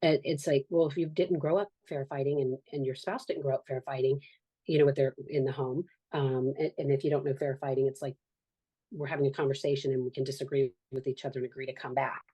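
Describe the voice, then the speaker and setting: A woman's voice: extremely low pitch, steady tone, fast talker, dark tone, husky. A woman in her fifties, a podcast guest talking earnestly and reflectively about her life. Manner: earnest, reflective, acts out quoted voices. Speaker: guest, author and social worker. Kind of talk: candid podcast conversation.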